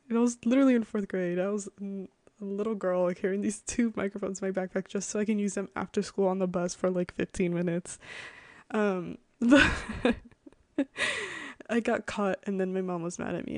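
Speaking a little fast in a warm, medium-pitched voice with no echo, this young Connecticut podcast host tells casual childhood stories. She rambles, giggles, and leans heavily on "like."

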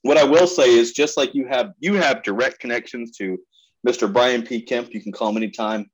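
A man co-hosting a casual sports-betting podcast, sarcastic and given to deadpan rants. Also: mid-range voice, a little fast, slightly rough, low-quality recording. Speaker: podcast co-host.

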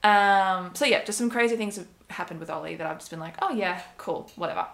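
A woman's voice: on the low side, fairly quick, vocal fry, a bit bright. A young woman casually telling a personal story, rambling with many fillers and quoted asides. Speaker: podcast co-host.

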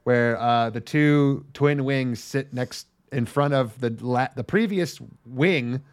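A man's voice: medium pitch, slow pace. A man co-hosting a casual anime review podcast, joking around and acting out scenes from the show in goofy voices. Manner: jokey, acts out characters in silly voices. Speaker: podcast co-host.

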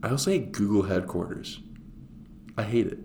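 A young man with a low voice chatting as a podcast co-host. He is blunt and jokey and full of mock threats, with faint noise in the background. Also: animated, normal speed, mellow. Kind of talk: casual chat.

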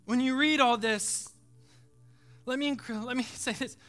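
A man preaching a sermon as pastor, dropping to a hush and then swelling to loud cries. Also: very high-pitched, fairly even intonation, measured pace, soft background music. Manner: preaching with dramatic swells from hushed to shouting.

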